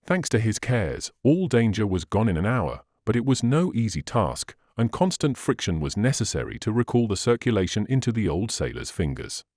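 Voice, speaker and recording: A man narrating a classic adventure novel as an audiobook reader, in an expressive, measured way. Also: lowish voice, no echo, clean studio sound. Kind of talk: scripted narration.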